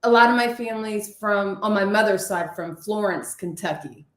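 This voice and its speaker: A woman's voice: mid-range voice, normal speed, a bit bright. Southern-accented woman in an echoey room. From Ohio. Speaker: co-host. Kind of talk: casual chat.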